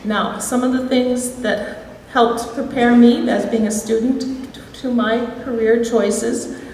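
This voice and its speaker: A woman's voice: on the high side, steady tone, slow pace, distant mic, a little hiss or hum. Midwestern woman speaking in an echoey hall. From Wisconsin, USA. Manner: reflective, anecdotal, gently humorous. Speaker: alumni hall of fame inductee. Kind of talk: prepared award speech. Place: large school hall.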